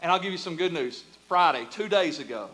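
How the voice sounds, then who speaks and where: A middle-aged man, a pastor preaching a sermon through humorous, lively stories that settle into quiet, earnest teaching. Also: a little high, fairly quick. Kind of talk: storytelling sermon.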